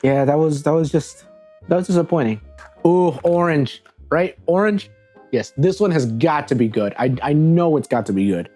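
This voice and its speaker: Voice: medium pitch, expressive, moderate pace, dark tone, soft background music. A vlogger giving playful, rambling taste-test commentary, talking dramatically to the things being tasted and often stumbling and restarting. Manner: chatty, dramatic, talks to the crayons. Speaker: vlogger tasting crayons. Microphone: new desk microphones.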